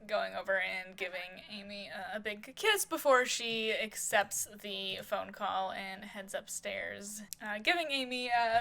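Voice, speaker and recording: A woman narrates a life-sim soap opera as she plays, describing each action in a casual, meandering way. Her voice is bright and forceful, with a gravelly fry, and her speech is full of fillers. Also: medium pitch.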